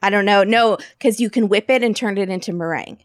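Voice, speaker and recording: A woman's voice: mid-range voice, fast, dry recording, clean studio sound. A woman co-hosting a podcast, casually recapping a TV episode with jokes and laughter. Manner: chatty, jokey, laughs often. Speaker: podcast co-host.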